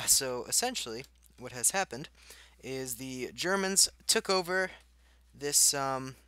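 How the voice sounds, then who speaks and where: A man's voice: medium pitch, bright, forceful tone, smooth, dry recording. A young man casually commenting as he plays a war strategy game, reacting aloud and laughing at himself. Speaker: gaming channel host. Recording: faint game noise behind.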